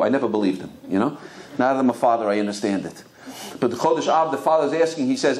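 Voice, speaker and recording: A man's voice: medium pitch, fast talker, darkish tone. A male rabbi giving a Torah lecture, telling anecdotes and often restarting his words. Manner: storytelling with many anecdotes; frequent repeated restarts.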